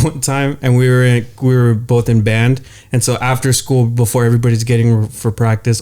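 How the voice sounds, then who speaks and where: A young man on a podcast, his voice pitched mid-range, spins a long, loose story full of swearing and filler. He talks in a laid-back, conversational way. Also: a little mellow. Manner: rambling, profane, laid-back anecdote telling. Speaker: podcast co-host. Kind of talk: casual storytelling.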